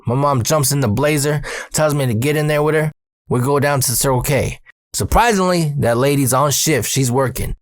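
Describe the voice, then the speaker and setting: A man telling a story from his youth in a casual, profane, animated way, full of slang. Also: medium pitch, normal speed, no room sound, clean studio sound.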